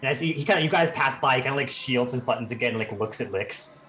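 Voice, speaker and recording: A man running a tabletop game as game master, narrating in an animated, rambling way with lots of fillers. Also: mid-range voice, quick pace.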